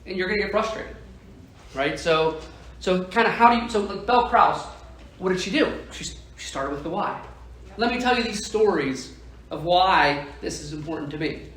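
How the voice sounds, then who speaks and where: Emphatic high-voiced male sales trainer. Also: lively intonation, moderate pace, a bit bright. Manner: emphatic, keeps asking "right?" to the audience. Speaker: sales trainer for insurance agents. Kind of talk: motivational training talk. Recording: echoey room, heard from a distance.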